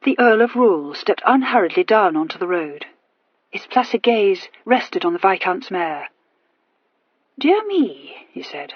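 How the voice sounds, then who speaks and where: Husky woman narrating an audiobook. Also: medium pitch, no room sound. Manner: even, measured storytelling. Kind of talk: scripted narration. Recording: dull lo-fi dry recording.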